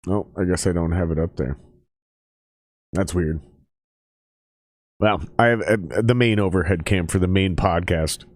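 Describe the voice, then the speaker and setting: Host for a football watch-along stream: casual male voice, low register, cursing freely, bursts of play-by-play excitement, dry close sound. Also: measured pace, pauses often, no room sound. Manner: profane, loose and excitable, jumps to loud play-by-play. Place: table at home.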